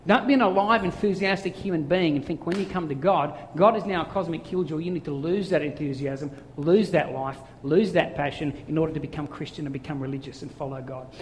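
A man delivers a sermon with lively, story-driven energy and slips into playful voices. His voice sits high for a man. The sound carries a long reverb, as if recorded in a large hall. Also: fairly quick, few pauses, a little hiss or hum. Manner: animated storytelling, acts out voices. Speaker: pastor.

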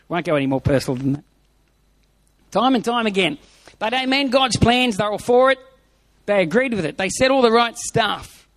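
A man's voice: sits high, expressive, moderate pace, pauses often, a bit bright, no room sound. A man preaching an Easter sermon, emphatic, with lots of repetition and a told joke. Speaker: pastor.

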